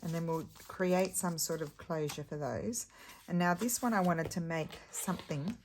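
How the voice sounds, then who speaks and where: A woman's voice: deep voice, a little mellow, slight background noise. A woman talking casually as she makes a paper booklet at home, thinking aloud, trailing off and restarting her sentences. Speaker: crafting vlogger. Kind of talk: casual craft tutorial chat.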